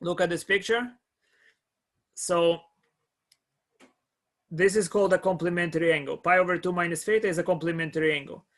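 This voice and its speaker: A man giving a live calculus lecture to a class, pausing often, repeating words and checking that students follow. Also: high voice, steady tone, fairly bright tone. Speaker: math lecturer.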